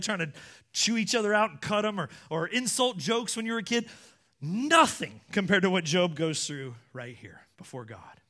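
A man delivering a sermon with lots of energy. His voice sits high for a man. He acts out the people in the story, swinging from forceful outbursts to quiet asides. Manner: animated, acts out quoted voices, shifts from loud to hushed. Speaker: pastor.

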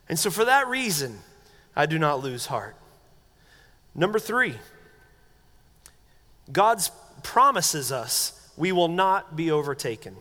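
A middle-aged man preaching a sermon as pastor, earnest and conversational, often dropping to soft, quiet tones. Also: on the high side. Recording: long hall reverb.

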